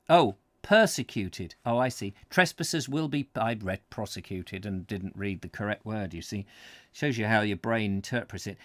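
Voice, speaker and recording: A man's voice: on the low side, moderate pace, no room sound, studio quality. A man reading a travel book aloud live, breaking off for chatty, joking asides. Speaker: host and book reader.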